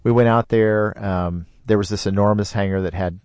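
Man, low voice, animated storyteller, sound effects, dry close recording. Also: moderate pace, smooth, dry recording. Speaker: storyteller guest. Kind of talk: casual storytelling.

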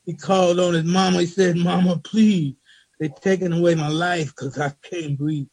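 A man reading a spoken word poem he wrote, in a slow rhythmic delivery with repeated refrains. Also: high-pitched, level tone, a little mellow, dry recording, rough recording. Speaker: poet reading his own poem.

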